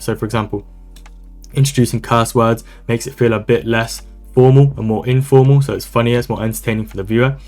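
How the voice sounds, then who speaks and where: A man walking through a software tutorial over a screen recording, talking in a brisk, casual, upbeat way. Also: medium pitch. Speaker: online business coach.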